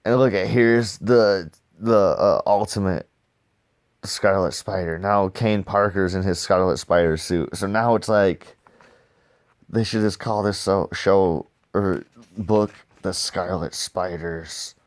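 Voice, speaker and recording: Reviewing a comic book in a relaxed, rambling way, a young man swears excitedly, performs dialogue, and throws in sound effects. He speaks slowly in a deep voice, captured at studio quality with no echo.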